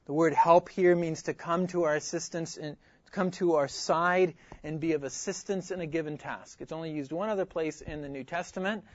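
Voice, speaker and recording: Man, preacher, high-pitched, earnest, repeats phrases, loud then hushed, dry slightly dull recording. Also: no echo. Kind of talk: expository sermon.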